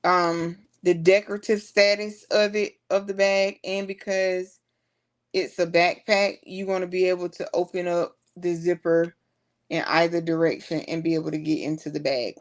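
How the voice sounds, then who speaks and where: A woman's voice: on the low side, level tone, moderate pace. A woman, chatting casually to her viewers as she works through a sewing tutorial. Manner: chatty, talks to viewers while working. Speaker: sewing vlogger.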